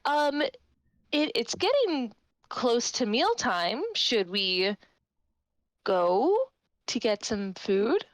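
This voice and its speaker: Hesitant woman player, slow and lots of ups and downs, dry close sound. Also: a little high, very animated, no room sound. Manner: hesitant, with many fillers. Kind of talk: tabletop role-play.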